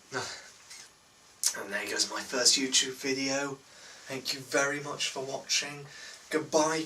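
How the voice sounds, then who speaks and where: Bright-voiced teen boy rambling a comic story. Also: fairly high pitch, far from the mic, a little hiss or hum, poor audio. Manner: rambling, stumbles and restarts, deadpan asides. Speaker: comedy vlogger.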